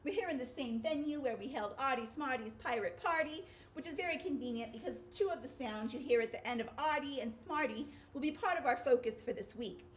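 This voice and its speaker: A woman's voice: sits high, a little fast, few pauses, a little hiss or hum. A woman teacher giving a children's phonics video lesson in an upbeat, playful way.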